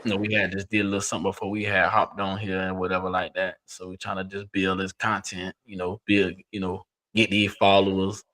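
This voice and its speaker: Deep-voiced relaxed guest. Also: male voice, brisk, hardly any pauses. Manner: relaxed, slangy, rambling. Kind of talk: casual live-stream chat.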